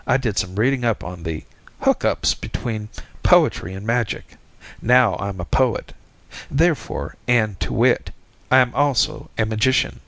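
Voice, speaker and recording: A man's voice: medium pitch, a bit bright, no echo. A man reading as a young bearded beatnik poet-repairman, cocky and slangy, with a self-assured drawl.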